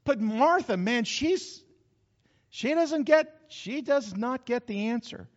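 A man preaching a folksy, animated sermon and asking the congregation questions, in a church hall, with a dull sound. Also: very high voice, takes it slowly.

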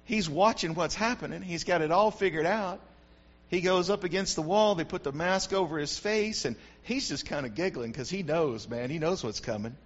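A man's voice: on the high side, moderate pace. A man preaching a sermon to his congregation, telling stories with animation and often calling out "Amen?" to the room. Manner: animated storytelling, frequent call-outs to the congregation. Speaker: pastor. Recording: dull lo-fi recording.

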